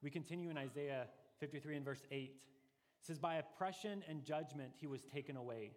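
A man preaching a sermon as pastor, earnest and deliberate, pressing his points with rising emphasis. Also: a little high, long reverb tail.

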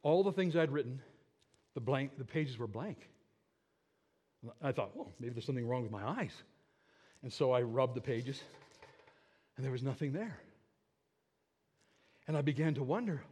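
A man preaching in church, telling a personal story in an earnest way that moves between loud moments and hushed ones. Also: medium pitch, expressive, normal speed, pauses often, slightly rough. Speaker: pastor. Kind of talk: sermon storytelling.

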